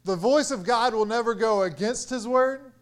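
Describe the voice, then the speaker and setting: A man's voice: very high voice, moderate pace. A young man preaching a sermon as pastor, earnest and rising in force on key points.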